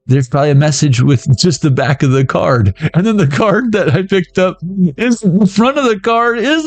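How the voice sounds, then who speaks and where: This tarot reader has a high-pitched voice at normal speed, heard in a dry recording with soft background music. He runs a casual pick-a-deck reading, keeping it jokey and playful with plenty of slang.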